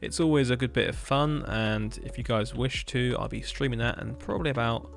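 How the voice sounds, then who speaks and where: A man streaming a building game, chatting casually and rambling with dark jokes. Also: medium pitch, a little fast, vocal fry, soft background music. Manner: rambling, joking, darkly humorous. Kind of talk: casual chat while gaming.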